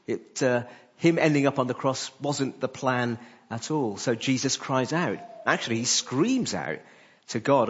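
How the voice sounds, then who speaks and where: A man preaching a sermon, pausing often with "uh" between phrases. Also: medium pitch, a bit bright, husky, highs cut off. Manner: frequent "uh" fillers between phrases.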